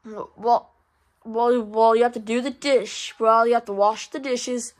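A woman's voice: a little high, steady tone, pitched below the performer's own voice, lightly acted. A woman voicing a strict dad who halts and stumbles while ordering his kid to do chores, in a homemade fan movie. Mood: stern. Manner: stern, halting, stumbling over words.

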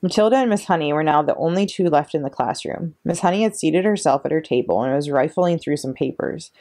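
Woman, children's read-aloud, low-pitched, animated, dramatic. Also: fairly quick. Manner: expressive, dramatic reading. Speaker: children's librarian reading aloud.

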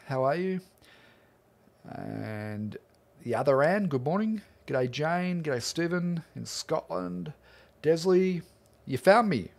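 Man, Australian accent, middle-aged, medium pitch, friendly, casual livestream host, art teacher. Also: creaky. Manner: friendly, greets viewers one by one by name.

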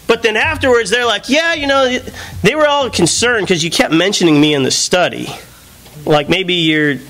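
A man preacher telling a story in a sermon, acting out a phone conversation with a friend, with the congregation heard behind him. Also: high-pitched. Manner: animated, acts out both sides of a phone call. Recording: live church recording with audience. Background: congregation laughing.

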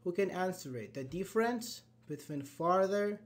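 A man teacher leads a live English grammar lesson. He keeps the students involved with quick questions, uh-huhs and short praise, and he spells out examples letter by letter. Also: high voice, animated.

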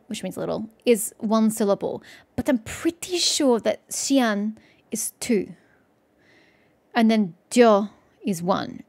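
Chatty woman commenting on a game. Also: a little high. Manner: chatty, musing, self-questioning. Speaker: let's-play host.

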